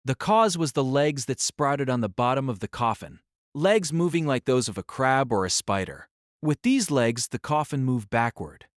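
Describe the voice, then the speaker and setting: A man narrating an audiobook in an expressive, dramatic storytelling manner. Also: medium pitch, moderate pace, no room sound, studio quality.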